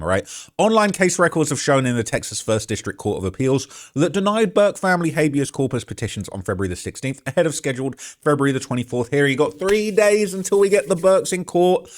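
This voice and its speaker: A male true-crime host talks in a slightly high voice that swings widely in pitch. His tone is sarcastic and heated as he rants, and he breaks off to read out comments from viewers. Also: big pitch swings, quick pace. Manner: reads out online comments.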